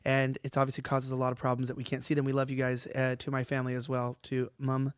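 A man co-hosting a podcast, in casual chat full of quick restarts. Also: medium pitch, completely flat delivery, clear, resonant tone, dry recording, clean studio sound. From Australia. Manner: fast, loose talk with many restarts. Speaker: co-host.

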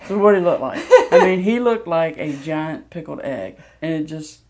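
A woman's voice: sits low, animated, normal speed, a little mellow. A woman from Mississippi, candidly telling a personal story with plenty of ums. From Mississippi, USA. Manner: candid, self-deprecating, loose with fillers.

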